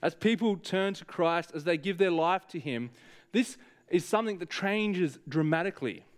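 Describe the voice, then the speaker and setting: A man's voice: sits high, normal speed. A man preaching a sermon, speaking earnestly and directly to the congregation with frequent hesitations.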